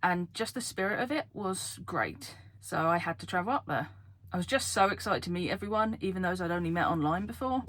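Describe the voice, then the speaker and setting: A woman card game YouTuber from the UK, talking fast and excitedly to camera in a casual vlog, laughing often. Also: fairly low pitch. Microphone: camera facing her.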